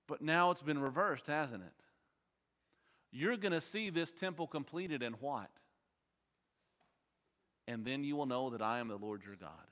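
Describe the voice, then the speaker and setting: Bright-voiced man teaching a Bible class. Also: a little high, expressive, moderate pace, pauses often. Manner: quizzes the class with questions. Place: church auditorium. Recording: long hall reverb.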